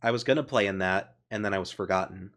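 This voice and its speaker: A man co-hosting a podcast, chatting casually and joking, slipping into quick silly voices. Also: low voice, heavy background noise. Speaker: podcast co-host. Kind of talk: casual chat.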